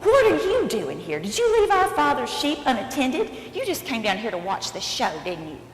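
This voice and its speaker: Woman as a scolding older brother, yelling, roomy church echo. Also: mid-range voice, very animated, fairly quick, slight background noise.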